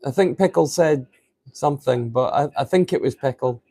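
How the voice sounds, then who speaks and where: A man's voice: mid-range voice, moderate pace, gravelly, dark tone, slightly rough, dry recording. A man hosting a live stream in casual chat, rambling and thinking aloud to his viewers.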